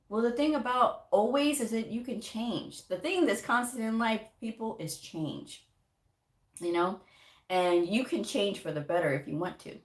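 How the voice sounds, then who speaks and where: A woman giving a casual motivational talk to camera, chatty and animated, telling stories with quoted asides. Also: lowish voice, measured pace. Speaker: medical coding vlogger. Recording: echoey room.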